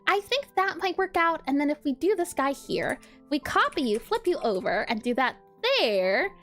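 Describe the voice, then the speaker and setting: A woman's voice: high-pitched, very animated, normal speed, a bit bright, soft background music. A woman streaming pixel art, chatting casually and bubbly as she draws, laughing often and answering her chat. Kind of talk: casual live-stream chat while drawing.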